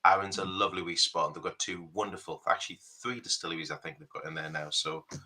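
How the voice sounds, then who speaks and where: A man's voice: low voice, steady tone, quick pace, sharp tone. A man with a Geordie accent hosting a business interview, asking long, rambling questions. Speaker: podcast host. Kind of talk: conversational interview.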